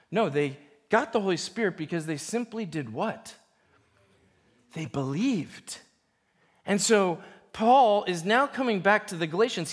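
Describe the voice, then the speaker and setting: A man preaching a sermon as a pastor, animated and playful, acting out quoted voices. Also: sits high. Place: church.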